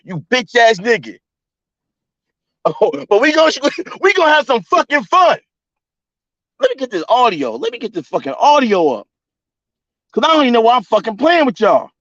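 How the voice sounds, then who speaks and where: A man's voice: very high-pitched, sing-song, fairly bright tone, no room sound. A man hosting a livestream, ranting in a profane, mocking way with heated energy. His voice comes through dull, lo-fi stream audio. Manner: profane, fast-talking, mocking. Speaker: streamer host.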